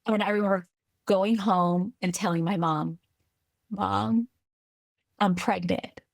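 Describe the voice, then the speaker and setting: A woman from California, a guest on a podcast interview, telling her story earnestly and with lively restarts. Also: mid-range voice, slow pace, vocal fry, dry recording, clean studio sound. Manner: earnest, lively retelling with restarts and quoted voices. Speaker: guest, tech executive.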